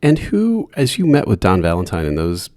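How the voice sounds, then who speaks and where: Podcast host, man, middle-aged, very deep voice, chatty and relaxed, dry close recording. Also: normal speed, no echo. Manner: casual, musing and chatty. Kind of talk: conversational interview.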